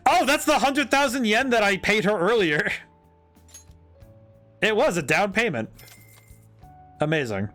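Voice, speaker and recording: Male game streamer, excitable and rambling, slightly high voice, light music underneath. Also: unhurried, pauses often. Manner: excitable, rambling, stops and restarts, jokey. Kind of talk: casual gameplay commentary.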